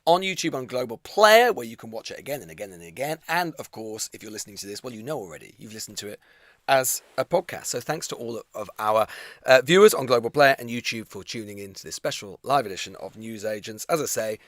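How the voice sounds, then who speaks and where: A man's voice: mid-range voice, expressive, fast talker, a bit bright, dry recording. A man co-hosting a live news podcast Q&A in a studio, telling rambling anecdotes full of filler words. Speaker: podcast co-host. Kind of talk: casual live Q&A chat.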